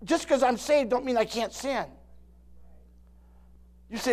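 A man's voice: very high-pitched, a little slow. A man in his sixties preaches with emphatic force. He restarts and repeats his words often as he goes. He keeps calling out to his listeners for a response. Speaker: pastor. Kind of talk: sermon.

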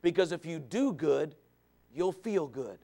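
A man preaching a Sunday school sermon as a Baptist preacher, hammering points through repetition and building up to shouting. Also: on the high side, animated, a little slow, creaky.

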